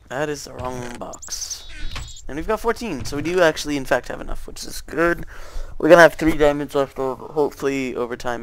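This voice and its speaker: A man's voice: medium pitch, gravelly, a little hiss or hum. A young man rambling through casual gameplay commentary, hesitant, with many fillers and restarts. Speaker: gaming YouTuber.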